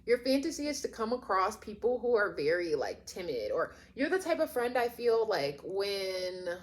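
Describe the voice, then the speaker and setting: A woman's voice: mid-range voice, sing-song, normal speed. A woman giving a casual tarot reading, rambling and chatty with lots of fillers, often acting out imagined quotes. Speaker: tarot reader.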